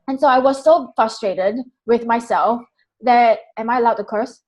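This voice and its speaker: A woman guest telling a personal story in a candid, animated way, acting out her own inner voice and swearing freely. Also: on the high side, normal speed, rough recording.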